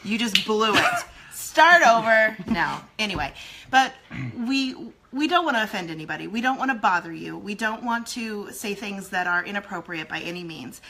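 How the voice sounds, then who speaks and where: A woman's voice: mid-range voice, lively intonation, a little fast, fairly bright tone, slight background noise, rough recording. A woman co-hosting a casual talk show about marriage, encouraging and teasing her co-host. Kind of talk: casual chat.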